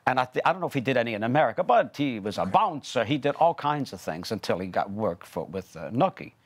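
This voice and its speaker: An older actor talking in a relaxed interview, telling stories with animated delivery. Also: male voice, fast, breathy edge. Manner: animated storyteller, lively pitch, acts out quotes. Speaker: actor and guest. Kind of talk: casual interview chat.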